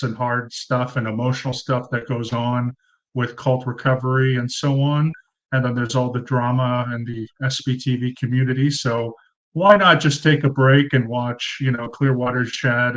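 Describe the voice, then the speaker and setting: A man's voice: mid-range voice, a bit bright, poor audio. A man in his thirties hosting a casual live Q&A at home on a cheap desk mic, chatty and rambling with lots of ums and uhs. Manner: chatty, rambling, many ums and uhs, thanks viewers by name. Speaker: livestream host. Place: room at home under fluorescent lights.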